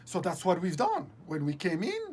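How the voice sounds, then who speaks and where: A man's voice: high-pitched, wildly swooping pitch, a little mellow, husky. Laughing man telling a story. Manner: laughs often, halting restarts, acts out quoted dialogue. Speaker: interview guest. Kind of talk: animated storytelling anecdote.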